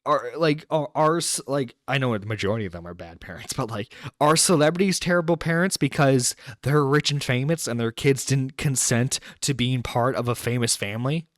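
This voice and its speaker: Speaking at normal speed with few pauses, this male live stream host has a medium-pitched voice and no room sound. Sitting close to the mic, he reacts to a clip as an internet radio host, ranting in exasperated disbelief and swearing now and then.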